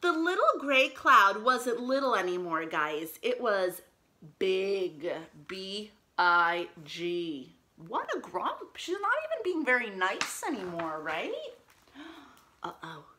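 A woman reads a picture book to young children, pausing to ask them questions and cheer them on. Her voice is bright and fairly high, and it swoops widely while she takes her time. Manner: animated and encouraging, with playful made-up words. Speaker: children's librarian. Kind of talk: storytime read-aloud for kids.

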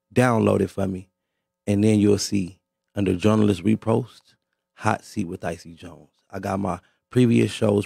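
Gravelly laid-back radio host man. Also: on the low side, warm tone, dry recording, studio quality. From Las Vegas. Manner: laid-back, slangy, repeats himself. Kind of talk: casual radio show talk.

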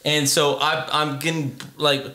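A man's voice: fairly high pitch, little pitch movement, measured pace, sharp tone. A man telling a story in casual podcast chat, profane and exasperated. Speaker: podcast guest. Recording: roomy echo.

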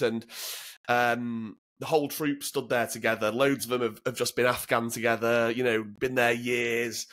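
Medium in pitch and a bit bright, this man's voice belongs to a former commando from Northern England being interviewed. His storytelling is casual, frank and full of swearing, and he tends to repeat words as he begins.

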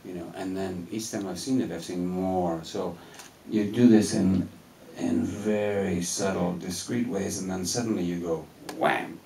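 A man on a film Q&A panel, talking in a rambling, animated way and laughing as he tells stories in a cinema hall. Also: deep voice, unhurried, creaky, few pauses, distant mic, a little hiss or hum. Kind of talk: casual live Q&A storytelling. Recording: echoey hall, mic heard from afar.

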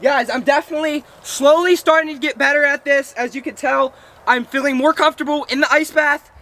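A young man in his late teens talking excitedly through an outdoor ice bath for his vlog, breathless from the cold. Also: extremely high pitch, brisk. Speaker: vlogger. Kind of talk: casual vlog commentary.

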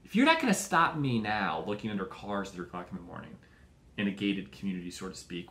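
Low-pitched and sing-song, this young podcast host talks quickly with a bright, forceful tone, and the room is echoey. He riffs through a crude, wandering comedy monologue, jumping between tangents and performing small scenes.

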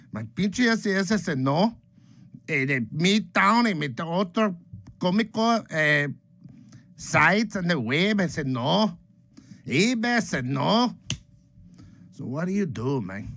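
A man's voice: fairly high pitch, dry recording. A man voicing a boastful, joking streetwise homeboy character who rambles and mixes Spanish slang words into his English, in a comedic character monologue. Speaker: comic book collecting vlogger.

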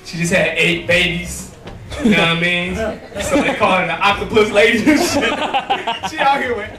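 A man's voice: high-pitched, moderate pace, reverberant, recorded from a distance. A man doing a crude, rambling stand-up comedy set in a small, nearly empty club, laughing at his own jokes.

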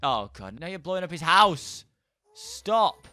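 A young man commentating a Minecraft let's play in an excitable way, yelping and gasping and tossing in quick jokey asides. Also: a little high, dry recording, soft background music. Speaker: gaming YouTuber.

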